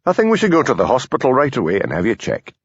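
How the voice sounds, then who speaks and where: A man voicing a patient, dry-witted police constable with a Scottish Highland accent. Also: wildly swooping pitch, fast, slightly rough, dry recording, full character voice. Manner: mild, patient, blunt when annoyed. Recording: dull lo-fi audiobook recording.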